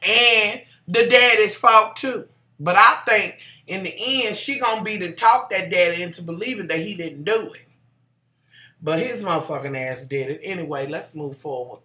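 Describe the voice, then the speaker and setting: Sassy woman, bright roomy voice. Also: fairly low pitch, normal speed. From Kentucky, USA. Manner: sassy, salty, calls viewers honey. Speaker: TV show reviewer. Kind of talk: casual chatty review. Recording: roomy echo.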